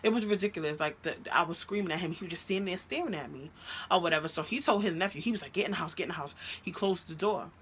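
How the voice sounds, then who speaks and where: A woman telling a story about her ex in a storytime vlog, animated and profane, recorded on a phone. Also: lowish voice, fast, a little hiss or hum. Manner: animated, profane, recounts a fight with heated quoted outbursts. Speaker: vlogger telling a personal story.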